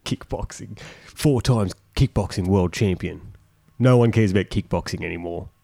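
A man's voice: deep voice, moderate pace, creaky, mellow. A man co-hosting a casual chat, reading out a thread and mocking it sarcastically. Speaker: podcast co-host.

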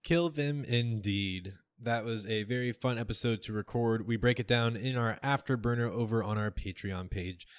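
A man running a tabletop game as game master, giving lively, descriptive narration. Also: fairly low pitch, brisk, few pauses, no room sound, studio quality.

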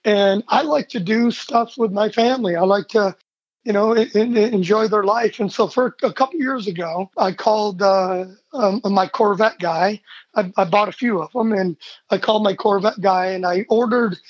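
A man's voice: high-pitched, dry recording. A man in his forties from Michigan, a podcast guest telling a family story with energy and acting out the voices in it. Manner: energetic, animated storyteller who acts out quoted dialogue. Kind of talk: casual storytelling interview. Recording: dull, slightly lo-fi dry sound.

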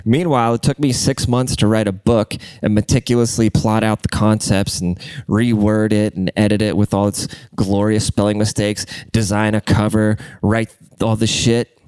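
A man's voice: fairly low pitch, a little mellow, clear, resonant tone, no echo. A man hosting a show, ranting casually with constant swearing and a congested voice. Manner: crude, rambling, swears constantly. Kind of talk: casual profane rant.

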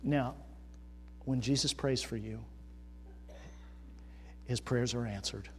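Emphatic preacher in a reverberant hall. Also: male voice, mid-range voice, fairly even intonation, slow pace, a little hiss or hum. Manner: builds from quiet reflection to loud emphatic questioning. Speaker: pastor. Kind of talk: sermon.

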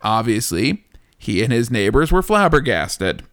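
A man's voice: medium pitch, big pitch swings, unhurried, fairly bright tone, no echo, clean studio sound. A man hosting a casual podcast, joking, swearing and laughing while he tells a story. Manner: jokey, swears, laughs a lot. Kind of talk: casual chat and story narration.

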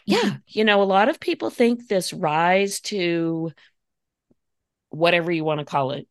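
A woman's voice: sits low, dry recording, studio quality. A woman hosting a podcast, gushing and enthusiastic, talking in long flowing phrases. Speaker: podcast host. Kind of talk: casual podcast interview.

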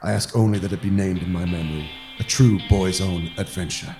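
A man voicing a dead cowboy's measured farewell letter in a comic game role-play. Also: deep voice, a little mellow, voice pushed down. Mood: solemn. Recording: roomy reverb with guitar music.

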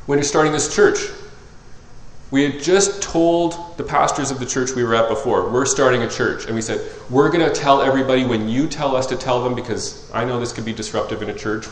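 Male pastor, mid pitch, lively sermon delivery, roomy echo. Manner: animated, acts out quoted voices in a higher pitch.

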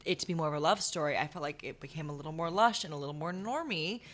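A woman's voice: sits low, fast, a bit bright. A young woman co-hosting a podcast, chatting casually about a stage show with lots of hedging fillers. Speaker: podcast co-host. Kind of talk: casual theater review chat.

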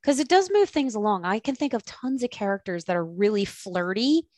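A woman co-hosting a casual chat, playful and quick to joke. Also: mid-range voice, very animated, a little mellow. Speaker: co-host.

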